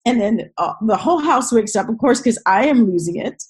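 A woman with a husky, slightly breathy voice tells a personal story in earnest. Her telling is emotional and vivid, full of restarts and re-enacted moments. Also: fairly high pitch, a little mellow, rough recording.

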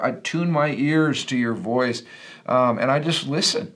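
A man's voice: medium pitch, measured pace, fairly bright tone. A middle-aged man, a pastor and podcast co-host, talking in an earnest, preachy storytelling way. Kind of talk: casual Christian podcast talk.

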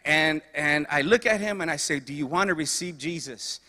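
A man's voice: fairly high pitch, moderate pace, sharp tone, long reverb tail. A man preaching a sermon, telling stories earnestly and repeating phrases for emphasis.

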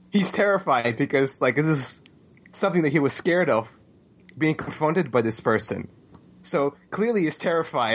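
Male player, husky, hesitant and stammering. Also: fairly high pitch, fairly bright tone. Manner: hesitant, stammering, laughs easily. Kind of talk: tabletop role-play.

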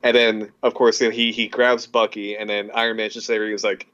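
A man's voice: on the low side, flat delivery, brisk, few pauses, a bit bright. A young man co-hosting a casual podcast, enthusiastic and rambling as he retells favorite scenes. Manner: enthusiastic, rambling with fillers and restarts. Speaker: podcast co-host. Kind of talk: casual chat. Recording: slightly dull lo-fi mic.

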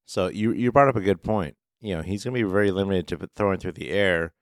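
A man's voice: low voice, quick pace, dry recording, clean studio sound. A man co-hosting a fantasy football podcast, talking loosely and casually, with a bit of swearing. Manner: loose, profane, uses workplace analogies. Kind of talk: casual sports chat.

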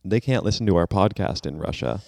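Lively man cohosting a comedy podcast. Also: deep voice, brisk, gravelly, no echo. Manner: goofy, lively, eager to riff. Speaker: podcast co-host. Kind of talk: casual comedy podcast chat.

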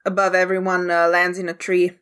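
Woman game master, halting casual narration of a tabletop game. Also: fairly low pitch, monotone, fairly bright tone, clean tone. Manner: hesitant, many fillers and restarts while narrating.

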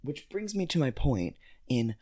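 A woman's voice: extremely low pitch, sing-song, unhurried, warm tone. A young woman co-hosting a casual book discussion, making wry, matter-of-fact comments. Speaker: podcast co-host.

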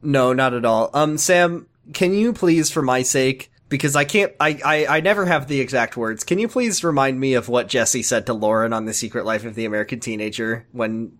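Rambling excitable podcast man. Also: medium pitch, moderate pace, few pauses. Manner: rambling, profane, excitable with frequent restarts. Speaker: podcast co-host. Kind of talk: casual recap chat.

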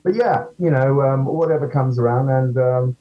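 A man's voice: medium pitch, normal speed, dull audio, soft background music. A man, an actor guest, chatting casually in an interview, self-deprecating and full of ums.

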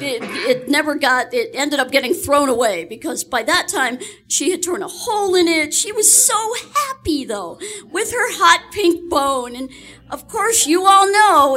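A woman hosts a relaxed storytelling session, chatting easily and laughing often. Her voice sits high and sounds bright and forward. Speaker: host. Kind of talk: casual storytelling.

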